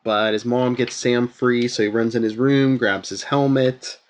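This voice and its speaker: A man hosting a podcast in a loose, rambling way, summarizing a comic issue with plenty of "uh" and "like". His voice sits at an ordinary middle pitch. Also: steady tone, a little slow, a little hiss or hum. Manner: rambling retelling with many fillers. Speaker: podcast host. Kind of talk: casual comic book recap.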